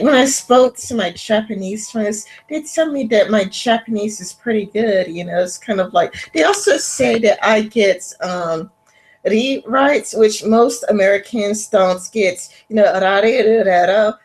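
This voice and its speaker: A woman's voice: medium pitch, expressive, a little slow, rough recording. A woman interviewing a guest, chatting casually and filling her speech with "like" and "kinda like". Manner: chatty, many fillers like "like" and "kinda".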